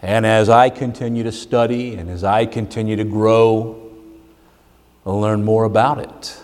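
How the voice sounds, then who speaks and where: A man's voice: on the low side, steady tone, a little slow, a little mellow. A man preaching a sermon as pastor, emphatic and building in intensity. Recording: long hall reverb.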